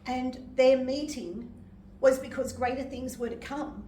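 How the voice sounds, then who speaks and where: An older woman preaches gently from a distance, her voice bouncing around an echoey hall. She shares personal testimony with emotion and laughs often as she speaks. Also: sits high, measured pace, slight background noise. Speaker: medium and reverend. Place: church hall.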